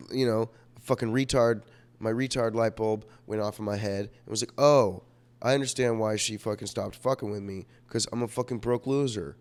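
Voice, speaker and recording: A young man telling a rambling personal story in a vlog, profane and self-mocking, full of fillers, and sick. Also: fairly low pitch. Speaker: vlogger.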